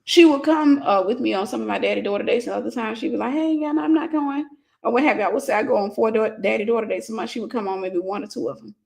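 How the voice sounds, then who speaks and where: Gravelly-voiced woman minister telling stories. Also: medium pitch, steady tone, rapid-fire, hardly any pauses. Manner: casual storytelling, greets viewers. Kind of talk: livestream testimony sermon.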